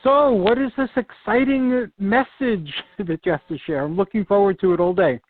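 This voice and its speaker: An enthusiastic man hosts a radio interview, his voice pitched high. The sound is dry and squeezed into a narrow, phone-like band. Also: normal speed, no echo. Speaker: radio show host.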